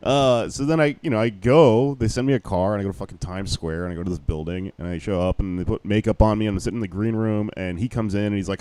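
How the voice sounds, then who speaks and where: A man's voice: lowish voice, quick pace, hardly any pauses, dark tone, smooth. A tired man, a comedian guest, telling a story in casual podcast chat, loose and profane with many fillers.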